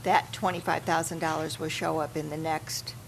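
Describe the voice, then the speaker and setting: A woman's voice: sits low, little pitch movement, normal speed, vocal fry. A woman board member hesitantly asking questions at a public meeting, searching for words. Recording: noisy meeting-room mic.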